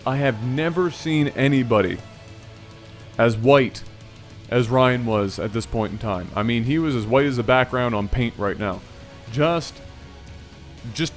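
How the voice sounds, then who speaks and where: Male vlog host, animated storyteller, mid-pitched, with faint music underneath. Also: measured pace.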